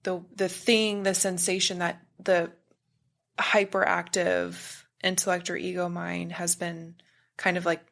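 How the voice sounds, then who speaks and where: Her voice sits fairly low, with vocal fry, a flat delivery, a measured pace, and a fairly bright tone. As a guest on a podcast, this spiritual practitioner chats casually in a meandering, exploratory way and occasionally buzzes to make a point.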